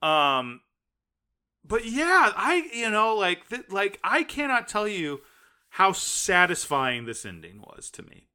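A man chatting casually as a podcast co-host, his voice bright and forceful. He talks excitedly, acting out his own reactions as he retells a story. His delivery is lively and conversational. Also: high voice, slow, clean tone. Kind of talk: casual chat.

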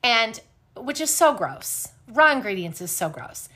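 Woman host, bright forceful voice, higher pitch, blunt animated storyteller who swears. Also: measured pace. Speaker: podcast host. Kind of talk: casual storytelling.

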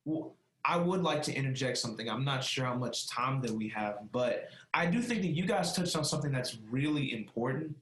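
A man co-hosting a podcast cuts in politely, his questions hesitant and full of ums and uhs. His voice is at a middling pitch for a man, with a roomy echo around it. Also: expressive, fairly quick, fairly bright tone. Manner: hesitant, polite, many fillers. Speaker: podcast co-host. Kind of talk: casual interview talk. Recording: echoey room.

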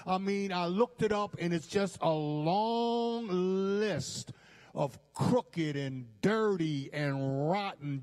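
A man with a high voice preaches a sermon at an unhurried pace, leaning hard on key words. He repeats his main points and keeps calling out to the congregation to stay with him. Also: darkish tone. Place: church.

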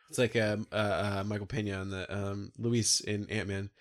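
Sick-sounding nasal man, low voice. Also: flat delivery, normal speed, hardly any pauses. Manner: joking, rambling with many fillers. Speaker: podcast co-host. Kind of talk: casual podcast chat.

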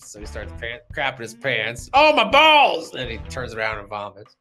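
A man co-hosting a casual podcast, retelling cartoon scenes and jumping into high put-on character voices. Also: steady tone, a little fast, sharp tone, soft background music. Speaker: podcast co-host.

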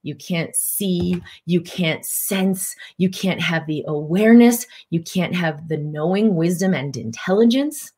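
Middle-aged woman, spiritual teacher, live talk, low-ish pitch, lively with acted asides. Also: unhurried, few pauses, breathy edge. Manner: animated, acts out inner voices.

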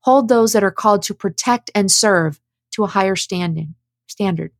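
A woman's voice: medium pitch, normal speed, no room sound. Earnest preachy woman, dry close sound. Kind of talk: impassioned spoken commentary, reading prepared statements.

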